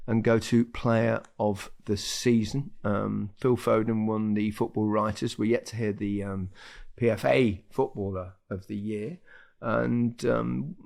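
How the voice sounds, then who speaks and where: An older man co-hosting a casual football chat, telling lively stories and laughing often. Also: medium pitch, vocal fry. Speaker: podcast co-host.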